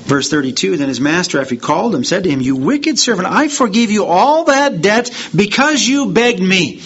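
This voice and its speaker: A man's voice: sing-song, moderate pace, a bit bright, slightly rough. A man preaching a sermon, reading verses aloud with rising emphasis and breaking off into conversational asides. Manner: rises in pitch and volume when reading verses aloud. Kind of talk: sermon reading and explaining scripture. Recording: dull lo-fi sound with faint noise.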